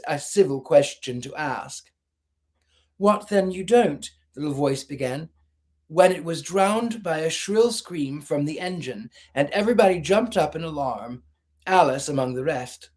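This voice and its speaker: A man reading a classic children's storybook aloud, expressive and shifting into character voices. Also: a little high.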